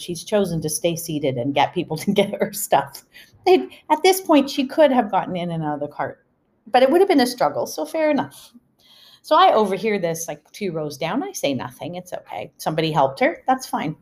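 Middle aged woman just telling funny stories on her podcast, kinda low voice, laughs as she goes. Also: darkish tone. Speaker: podcast host. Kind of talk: casual storytelling.

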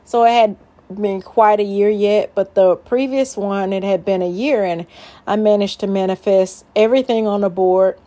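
A woman's voice: mid-range voice, fairly even intonation, normal speed, dark tone. A woman hosting a small business video series, talking casually and loosely, often restarting and correcting herself. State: has the hiccups. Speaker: small business podcast host. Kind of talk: casual solo video talk.

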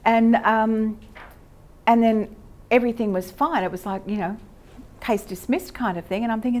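A woman's voice: fairly high pitch, moderate pace. A woman teaching at a church session, talking in a conversational way with fillers and self-corrections. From Australia. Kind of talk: sermon teaching.

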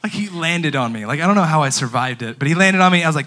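A young man, a youth pastor, preaching a casual and energetic sermon that runs from quiet scripture reading to loud storytelling. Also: on the high side, rapid-fire.

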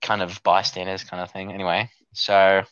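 A man's voice: deep voice, level tone, moderate pace, a bit bright, smooth, no room sound. A young man telling a rambling, sweary story in casual chat, acting out his younger self. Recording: dull lo-fi dry sound.

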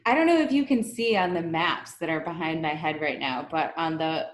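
A woman's voice: deep voice, moderate pace. A woman from Buffalo hosting an interview podcast in a chatty, self-deprecating way. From Buffalo, New York. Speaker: podcast host. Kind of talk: casual interview chat. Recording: roomy echo.

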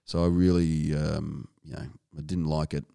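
An Australian man as a guest in a casual interview, talking in halting bursts full of restarts and casual swearing. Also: very deep voice, little pitch movement, vocal fry, dark tone, smooth. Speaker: guest, strength and conditioning coach.

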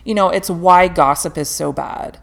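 Frank, gravelly-voiced woman guest. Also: on the low side, moderate pace. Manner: candid, laughing, swears freely. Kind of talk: casual podcast chat.

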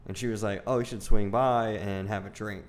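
A man's voice: lowish voice, steady tone, a little fast. A young man casually telling a crude story, peppered with "dude" and "like". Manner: crude, laid-back storytelling with lots of "dude" and "like". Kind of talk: casual chat.

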